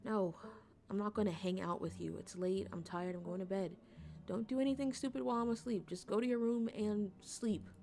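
A woman's voice: mid-range voice, brisk, vocal fry, mellow, natural voice. A woman reading the lines of a blunt, impatient young woman who scolds and brushes off a relative. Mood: dismissive. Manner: snappy, exasperated. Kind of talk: reading game dialogue aloud.

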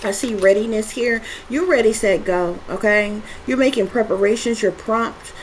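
A woman's voice: fairly high pitch, normal speed, slight background noise, rough recording. A woman giving a spiritual tarot reading, talking emphatically in long repetitive lists with frequent cursing. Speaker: tarot reader.

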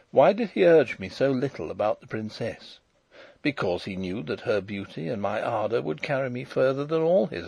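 A male audiobook narrator tells a classic adventure in the first person, with a gravelly voice and a husky edge. His pitch moves freely through a lively melody, and the recording is dry and close. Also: no room sound.

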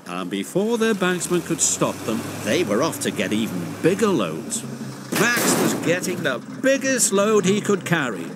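A man narrating a children's storybook tale in a slow, even storytelling manner, with loud hiss on the recording. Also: on the high side.

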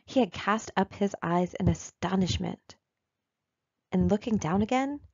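A woman reading a classic short story aloud in a measured, even storytelling voice. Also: medium pitch, husky, dry recording, lo-fi sound. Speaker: reader.

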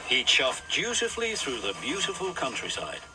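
A man reads a children's storybook tale aloud with an expressive, animated delivery. His pitch sits a little high and swings widely. Music plays steadily behind him. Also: moderate pace. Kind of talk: storybook narration.

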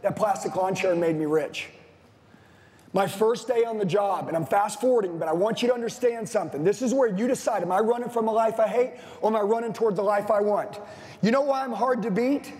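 A man's voice: sits high, fairly quick, a little mellow, long reverb tail. A man in his forties, a sales trainer giving an intense, blunt motivational speech to a live audience, swearing and hammering repeated lines. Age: 40s.

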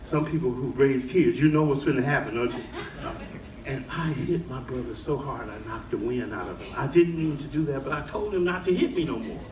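Male stand-up comedian, animated, shouting punchlines, distant mic, room noise. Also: mid-range voice, fairly quick. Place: cruise ship showroom, live audience. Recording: echoey room, far mic, crowd laughter.

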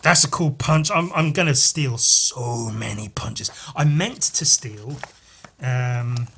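Man, podcast host, over-caffeinated, rambling, swearing, bright husky voice. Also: takes it slowly. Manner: wired, rambling and profane, jumping in pitch. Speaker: podcast host and comic artist. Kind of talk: casual chat while flipping through comics.

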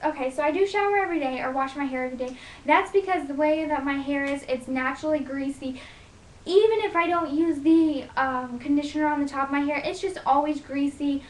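A young woman with a high voice chats through a hair tutorial, loud and emphatic, rambling with plenty of fillers. The sound bounces around an echoey room. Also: a little hiss or hum. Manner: chatty, rambling, lots of fillers. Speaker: beauty vlogger. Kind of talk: casual hair tutorial vlog.

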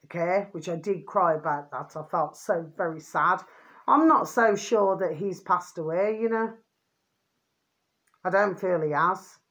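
In a lowish, slightly bright voice, a middle-aged woman vlogger rambles unhurriedly to camera. She swears freely and keeps coming back to a pet phrase.

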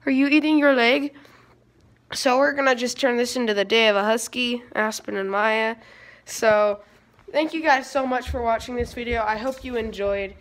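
On a phone camera at her family home, a teenage girl playfully talks to her dogs and viewers for a casual vlog. Her voice sits on the high side, a bit bright, at a normal pace.

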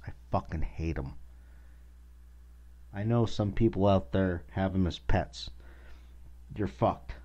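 A man with a very low voice hosts a podcast and rants with anger, cursing in nearly every line. The audio sounds dull and lo-fi. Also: mellow. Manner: angry, swears constantly. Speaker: podcast host. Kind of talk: casual profane rant.

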